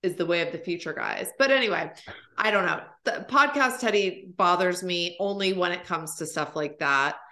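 A woman's voice: on the low side, normal speed, sharp tone. A woman in her thirties hosting a podcast, chatting casually with plenty of fillers and swearing. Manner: chatty, profane, lots of fillers. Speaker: podcast host. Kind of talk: casual chat.

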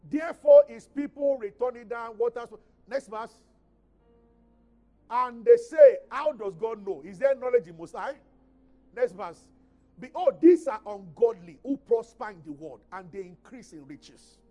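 Preaching in a very high-pitched voice, a man with a Nigerian English accent moves back and forth between quiet, conversational asides and loud, emphatic readings of scripture.

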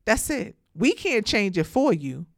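A woman's voice: mid-range voice, very animated, a little slow, gravelly. A woman talking straight to her viewers in a casual, outspoken monologue, calling them "hunties" and preaching about letting people be happy. She mentions having the hiccups. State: has the hiccups.

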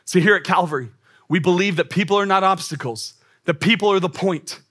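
A man's voice: high voice, a little fast, a bit bright, husky. A man in his thirties preaching a sermon as a pastor, emphatic and repetitive, with rising exclamations. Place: church auditorium.

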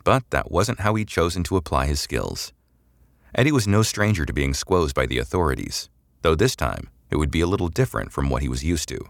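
Very deep-voiced male audiobook narrator. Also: expressive, creaky, no echo, studio quality. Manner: measured, descriptive storytelling.

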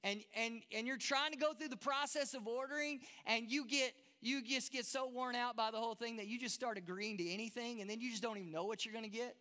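A man's voice: very high voice, fairly even intonation, quick pace, hardly any pauses, bright, forceful tone, clean tone. A man with a Texan accent, preaching a conversational, self-deprecating sermon to a church congregation, often restarting words. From Texas. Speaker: pastor. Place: large church hall. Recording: long hall reverb.

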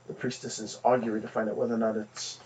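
A man's voice: fairly low pitch, little pitch movement, fast, a little mellow. A man taking part as a player in a tabletop game, reasoning his case out. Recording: distant mic, noisy room.

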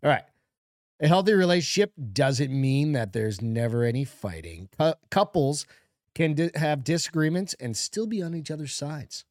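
A man's voice: on the high side, big pitch swings, normal speed, a little mellow, no echo, clean studio sound. A middle-aged man co-hosting a comedy podcast, reading a list aloud with sarcastic, profane mock earnestness. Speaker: podcast co-host.

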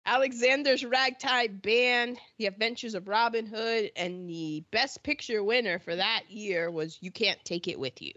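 A woman hosting a casual podcast chat on history, talking in an animated way and acting out countries in silly voices. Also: a little high, a little slow, few pauses, no echo. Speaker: podcast host. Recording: dull lo-fi sound.

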